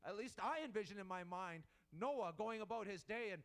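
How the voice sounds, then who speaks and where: High-voiced man preaching earnestly. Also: animated, fairly quick. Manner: earnest, repeats words and restarts while building a point. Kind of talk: sermon.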